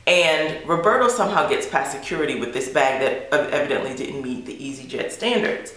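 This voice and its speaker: A woman's voice: low-pitched, animated, a little fast, fairly bright tone. A woman vlogger casually telling a story to her camera, chatty and full of "like" fillers. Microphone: camera mic. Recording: echoey room.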